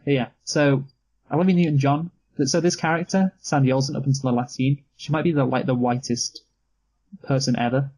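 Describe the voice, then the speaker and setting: A man's voice: medium pitch, fairly even intonation, fairly quick, a little mellow, poor audio. A man co-hosting a casual film review chat, dry and sweary, laughing easily. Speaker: podcast co-host.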